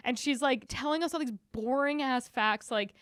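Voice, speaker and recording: A woman co-hosting a podcast, telling a story in casual chat, animated and swearing freely. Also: high-pitched, normal speed, clean tone, no room sound, clean studio sound. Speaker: podcast co-host.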